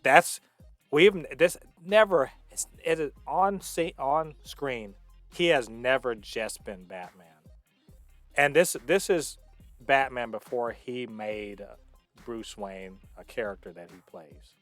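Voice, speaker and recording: A man's voice: medium pitch, slow pace, fairly bright tone, no echo, soft background music. A man co-hosting a casual movie review podcast, explaining emphatically with frequent restarts. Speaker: podcast co-host.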